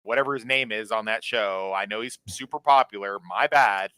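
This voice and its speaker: A man co-hosting a casual show recap chat, animated and profane, with quick apologetic asides. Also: fairly low pitch, clear, resonant tone, dry recording. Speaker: co-host.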